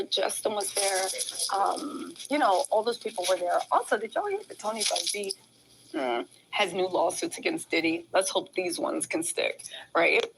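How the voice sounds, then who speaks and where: A woman's voice: mid-range voice, gravelly, noisy background. A woman hosting a casual livestream, chatty as she recaps a trial and reads and thanks viewer comments. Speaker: livestream host covering a trial. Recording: crowd chatter in background.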